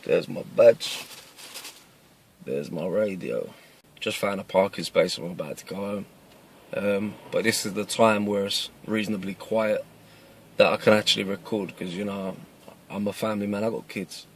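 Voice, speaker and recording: A man's voice: fairly low pitch, normal speed, a little hiss or hum. A man in his thirties from East London with a Cockney accent, talking earnestly to camera from inside a parked car, plain-spoken and often restarting his phrases. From East London, England. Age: 30s. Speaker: self-defence video maker. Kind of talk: casual talk to camera.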